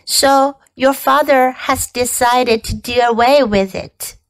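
A woman reading as a calm, practical farm mother. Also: high-pitched, slow pace, no echo.

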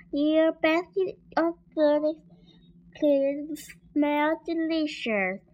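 A woman's voice: high-pitched, voice pushed up. Woman doing a sly, coaxing storybook wolf. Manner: sweetly false, coaxing. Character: sly male wolf disguised as grandmother. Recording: dull lo-fi recording.

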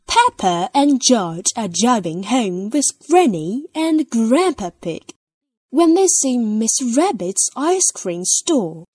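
A woman reading a children's picture book aloud, telling the story clearly and expressively. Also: a little high, very animated, slow, darkish tone, no room sound. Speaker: storybook reader.

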